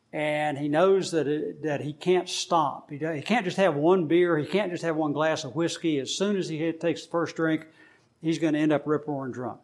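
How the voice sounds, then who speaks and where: A middle-aged man leading a casual group Bible study, teaching in a plain, conversational way with frequent fillers and restarts. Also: fairly high pitch.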